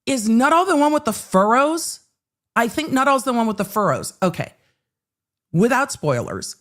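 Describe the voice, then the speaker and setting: A woman hosting a live legal commentary stream, chatty and joking, making asides to herself. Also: deep voice.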